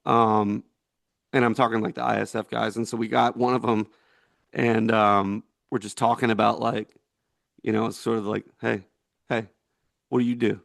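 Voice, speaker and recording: Veteran guy, rough voice, laughs a lot, lots of ums, no room echo. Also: fairly low pitch, little pitch movement, moderate pace, fairly bright tone, clean studio sound. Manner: rambling, laughing, many fillers and restarts. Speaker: veteran interviewee. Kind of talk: casual storytelling.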